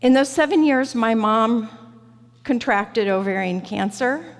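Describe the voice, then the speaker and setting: Woman preacher, reflective sermon, slightly high, gravelly edge, long church reverb. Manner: reflective, personal, slow and deliberate. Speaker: guest preacher. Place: large church sanctuary.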